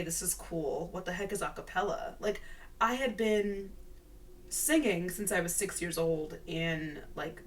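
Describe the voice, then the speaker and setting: A woman's voice: on the low side, fairly bright tone, recorded from a distance, rough recording. A young adult woman vlogging in a casual, bubbly, rambling way, full of "like" and asides. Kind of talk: casual chatty monologue.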